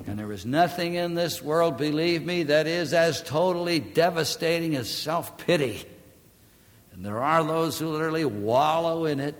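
A man preaching a sermon emphatically, swelling to loud declamation and dropping back low. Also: big-room sound.

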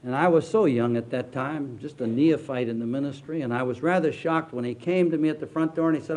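This is a sermon by an older male pastor whose delivery swings between quiet, low passages and loud, slowly drawn-out emphatic ones.

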